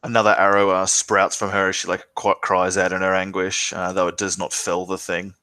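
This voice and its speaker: Male game master, low steady voice, descriptive and halting with fillers. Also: dry recording. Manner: descriptive narration with frequent filler words. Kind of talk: narrating a tabletop game.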